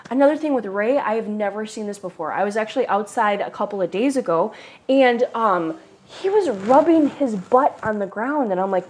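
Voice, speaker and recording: A woman's voice: mid-range voice, expressive, normal speed, a little mellow. A woman host telling a casual, chatty story to camera, restarting mid-sentence as she goes.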